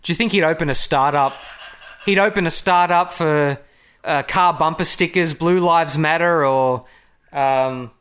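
A man hosting a podcast in casual chat, playful and quick to laugh. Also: on the high side, fairly bright tone, clear, resonant tone. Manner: laughs often, playful and joking. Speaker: podcast host.

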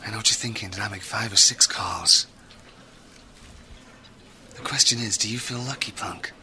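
Casting: gritty hard-boiled cop impression, menacing drawl, very bright edgy tone, done by a man. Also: lowish voice, moderate pace, slight background noise.

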